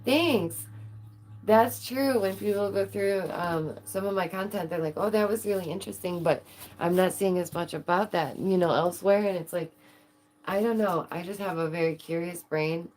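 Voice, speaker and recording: A woman's voice: on the low side, moderate pace, a little mellow. A young adult woman hosting her own channel, chatting casually and playfully to viewers with frequent giggles. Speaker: channel host. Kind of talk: casual livestream chat.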